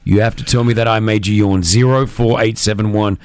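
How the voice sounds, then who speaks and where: A man's voice: fairly low pitch, steady tone, a little fast, no echo. A man hosting a morning radio show, playful and teasing, laughing often with callers. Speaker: radio host. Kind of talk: casual radio chat.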